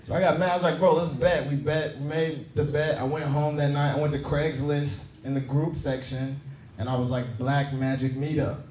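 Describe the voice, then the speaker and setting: A man's voice: on the high side, fairly even intonation, moderate pace, darkish tone, slight background noise. A man doing a stand-up set, brash and profane, teasing the crowd from a comedy club stage. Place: comedy club stage before a laughing audience. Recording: roomy club sound with crowd laughter.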